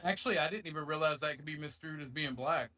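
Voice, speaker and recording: Fast-talking Southern man, lo-fi. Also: fairly high pitch, sharp tone, distant mic. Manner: fast, rambling, stumbling restarts. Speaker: panel host. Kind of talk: casual livestream panel chat. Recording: lo-fi stream audio.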